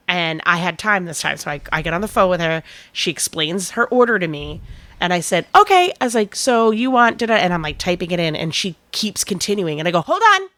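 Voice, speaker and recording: A woman's voice: fairly low pitch, a bit bright, no echo. A woman and podcast co-host who manages a restaurant, telling a work story in casual chat. She swears now and then and acts out both sides of the conversation.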